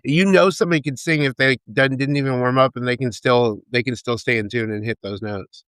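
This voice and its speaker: A man's voice: medium pitch, fairly quick, fairly bright tone, clear, resonant tone, dry recording. A playful, teasing male guest with an Atlanta accent, chatting casually on a live stream. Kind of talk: casual chat.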